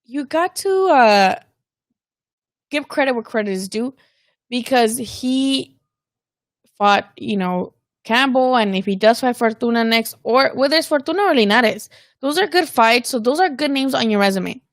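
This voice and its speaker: A woman's voice: on the high side, lively intonation, unhurried, dry recording, studio quality. A woman hosting a casual live-stream about boxing, talking candidly with plenty of swearing and bits of Spanish slang. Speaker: boxing channel host.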